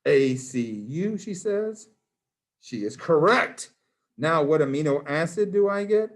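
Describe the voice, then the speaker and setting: A man's voice: a little high, lively intonation, measured pace. Upbeat man teaching class. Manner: playful, quizzing students by name. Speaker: high school biology teacher.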